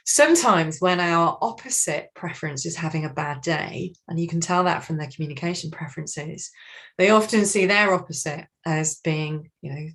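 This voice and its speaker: A woman trainer leading an online workshop on communication styles, speaking in an animated, expressive way over a video call. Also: low voice. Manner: animated, expressive, acts out colleagues.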